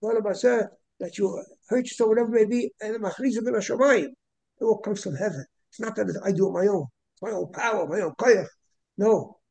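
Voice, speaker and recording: Creaky, husky man giving a Torah class. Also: high voice, brisk, darkish tone, poor audio. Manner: repeats words, frequent throat clearing. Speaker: Torah teacher.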